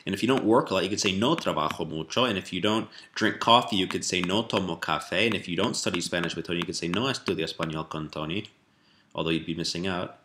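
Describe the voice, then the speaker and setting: A man giving a relaxed spoken language lesson, explaining step by step with fillers and rephrasing. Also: low-pitched, fast, a little hiss or hum. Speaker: language teacher.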